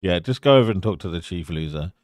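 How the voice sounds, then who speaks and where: A man's voice: low-pitched, animated, fast, a little mellow, dry recording, studio quality. A man voicing a sneering scruffy sailor. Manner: mocking, blunt.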